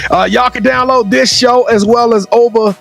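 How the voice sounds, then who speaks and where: A male co-host with a very high, gravelly voice closes the show in an energetic, sing-song shout. Faint music plays behind him. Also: normal speed. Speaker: podcast co-host. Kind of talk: hype outro, sign-off.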